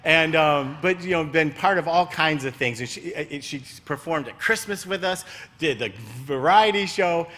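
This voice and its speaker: Bright-voiced man giving church announcements. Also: fairly high pitch, normal speed. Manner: warm, rambling, grows emotional. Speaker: church staff member making announcements. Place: church sanctuary.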